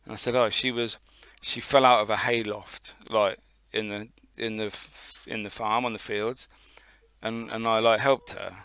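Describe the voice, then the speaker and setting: A man's voice: lowish voice, level tone, unhurried, a bit bright, clear, resonant tone, no echo. A man co-hosting a casual podcast, telling a long story in a rambling way and swearing often. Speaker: podcast co-host.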